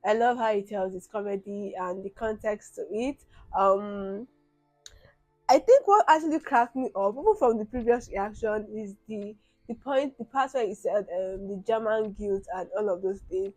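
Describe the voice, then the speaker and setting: A woman gives casual commentary for her reaction video, thinking aloud with plenty of fillers. Her voice is mid-pitched and recorded close and dry, with no room sound. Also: normal speed, darkish tone, no echo, faint music behind, poor audio.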